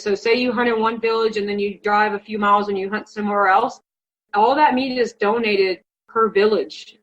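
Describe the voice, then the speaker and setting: A woman from Colorado, a hunting contest finalist, telling a story in a chatty, emotional way that's full of "like". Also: mid-range voice. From Colorado, United States. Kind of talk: casual interview storytelling. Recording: dull lo-fi sound.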